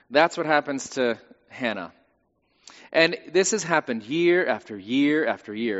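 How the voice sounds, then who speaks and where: A man's voice: medium pitch, a bit bright. A male pastor preaching a sermon in a conversational way with wry humor, recorded in a church with a dull, lo-fi sound and long reverb.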